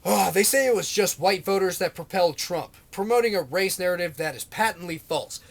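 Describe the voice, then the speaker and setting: A man's voice: sits high, a little fast. A man ranting to camera in a vlog, sarcastic, exasperated and swearing freely. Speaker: vlogger. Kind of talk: political rant to camera.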